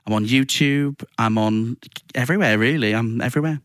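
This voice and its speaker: A man chatting casually as a podcast guest, easygoing and quick to laugh. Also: mid-range voice, a bit bright, dry recording, studio quality. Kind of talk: casual chat.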